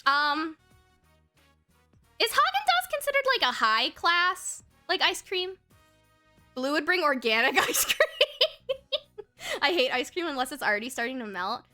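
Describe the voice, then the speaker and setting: A young woman streams a game from home, her voice high and bright with a lively, bouncing pitch. She giggles a lot, jokes and swears with her chat, and drops into a flatter tone to read game text. Soft music plays in the background. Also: a little slow. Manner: giggly, playful, swears casually, reads game text aloud. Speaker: livestreamer. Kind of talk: casual gaming stream chat.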